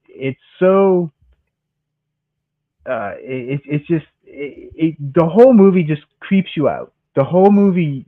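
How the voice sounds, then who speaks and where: A man's voice: fairly high pitch, no room sound. A man co-hosting a casual movie podcast, talking with enthusiasm and tripping over repeated words. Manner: enthusiastic, stammers on restarts. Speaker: podcast co-host. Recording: dry tinny phone-like call audio.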